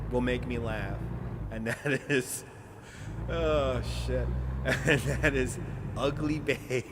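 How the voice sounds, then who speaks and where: A man live streaming a game, chatting casually with viewers, giggling often and rambling through restarts. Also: mid-range voice. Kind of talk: casual gameplay chat. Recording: noisy background.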